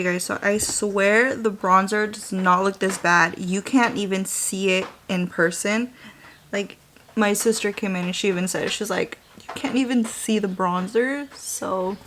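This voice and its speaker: A young woman chats to her camera as she does her makeup at home, telling a long personal story. Her voice sits at a middle pitch, and she is animated and casual, now and then dropping to near-whispers. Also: measured pace, a little hiss or hum. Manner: animated, chatty, drops to whispers while applying makeup. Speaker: beauty vlogger. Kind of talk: chatty get-ready-with-me storytelling.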